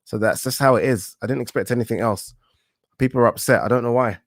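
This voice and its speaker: A man's voice: medium pitch, quick pace, no room sound, clean studio sound. A man hosting a boxing channel, chatting casually and joking as he reads out viewer comments. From England. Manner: laid-back, joking, swears casually. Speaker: boxing YouTube host.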